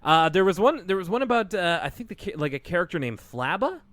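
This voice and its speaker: A man co-hosting a podcast in a casual, joking way, laughing often between points. His voice sits slightly high for a man. The sound is dry and close to the mic. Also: big pitch swings, fast talker, a bit bright, no echo. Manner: chatty, laughs often, jokey. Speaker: podcast co-host. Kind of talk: casual chat.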